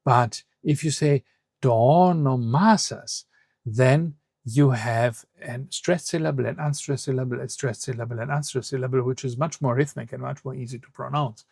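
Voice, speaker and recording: Gravelly, husky-voiced male language teacher. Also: mid-range voice, steady tone, normal speed, hardly any pauses, darkish tone, no room sound, studio quality. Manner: patient, reads phrases then translates and explains. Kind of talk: explanatory lesson.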